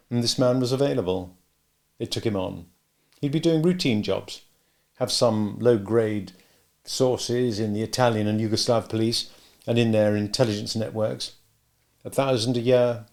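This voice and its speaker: Gravelly male audiobook narrator. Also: on the low side. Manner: steady, measured reading.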